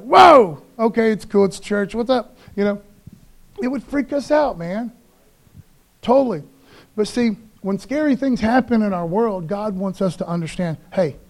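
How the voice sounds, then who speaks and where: A man preaching a sermon in church, casual and animated, often calling listeners "man.". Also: on the high side.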